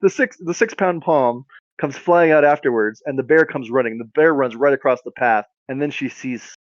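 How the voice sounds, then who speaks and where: A man's voice: mid-range voice, moderate pace, dry recording, muffled recording. Rambling man telling a silly story. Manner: rambling, lots of fillers and restarts. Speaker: podcast co-host. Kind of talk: casual comedic storytelling.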